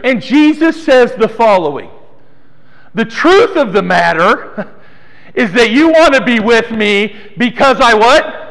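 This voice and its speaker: A man preaches to a small church, his voice sitting very high for a man. He teases listeners by name between points. The sound rings on with long hall reverb. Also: very animated, unhurried, creaky, fairly bright tone. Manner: playful, teasing congregation by name. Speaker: pastor. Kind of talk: sermon.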